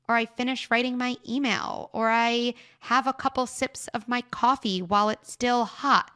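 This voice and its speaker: A woman hosting an advice podcast on parenting, speaking in a calm, measured and reassuring way as she talks through reframes. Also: fairly high pitch. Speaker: podcast host, parenting advisor.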